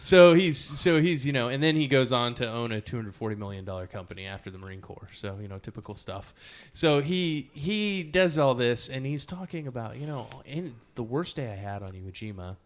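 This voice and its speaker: A man, a podcast guest, telling stories casually with lots of fillers and self-mocking laughs. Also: mid-range voice. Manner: animated, laughs at himself, many fillers; slow, measured poetry reading. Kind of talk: casual storytelling interview.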